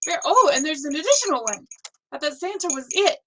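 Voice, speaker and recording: A woman's voice: high voice, fairly quick, over loud music. A woman hosting a live stitching show, gushing over viewers' projects with gasps and exclamations. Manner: gushing, excitable, lots of gasps and "oh my gosh". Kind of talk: live show-and-tell chat.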